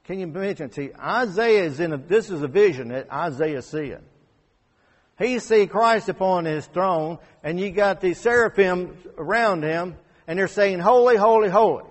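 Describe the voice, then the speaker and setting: A man's voice: sits high, expressive, moderate pace. Man preaching a sermon in a reverberant hall. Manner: conversational preaching, rising to emphatic peaks and dropping to quiet asides.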